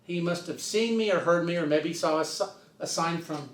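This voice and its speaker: A man's voice: on the high side, moderate pace. Older man telling a rambling story, distant mic. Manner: rambling, acts out the other people's voices. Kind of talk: casual spoken storytelling. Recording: roomy sound, distant from the mic.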